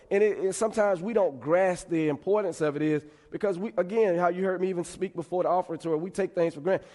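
A man's voice: a little high, a little mellow, in a large hall. A man preaching a conversational sermon to his congregation, repeating words and adding asides as he goes. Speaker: pastor. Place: church sanctuary.

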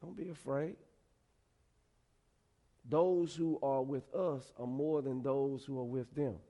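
A man voicing a calm, reassuring older male prophet who speaks softly and slowly. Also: mid-range voice, natural voice. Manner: calm, soft, measured.

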